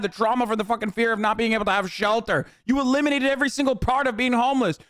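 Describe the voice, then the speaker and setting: A man with a high voice rants over a video he is reacting to, heated and profane, cursing in nearly every sentence. The sound is dry and close, with no room around it. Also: a bit bright, dry recording. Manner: heated, swears constantly, says "dude" often. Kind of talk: profane ranting commentary.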